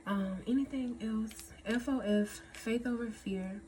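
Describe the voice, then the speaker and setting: A woman's voice: medium pitch, a little slow, background noise. A woman giving a casual tarot reading to her viewers, effusive and emotional, often checking in with "okay?" and "y'all". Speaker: tarot reader.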